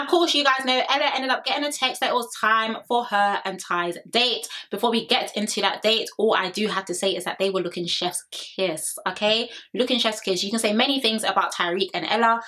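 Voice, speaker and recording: Woman vlogger, young, chatty recap host, crisp bright tone, quick opinions and laughs. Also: mid-range voice. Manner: gossipy, opinionated, laughs a lot.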